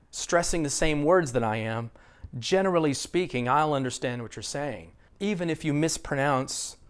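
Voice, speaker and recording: A middle-aged American man teaching a spoken English lesson, showing learners how to stress words in sentences. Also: a little high. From United States. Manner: lively, models sentences for learners to repeat. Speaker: ESL teacher.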